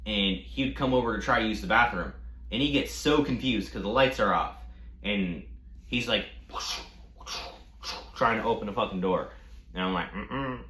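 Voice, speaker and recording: A man telling a casual storytime rant, animated, mocking and full of profanity. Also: lowish voice, normal speed, pauses often, roomy sound. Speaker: storytime vlogger.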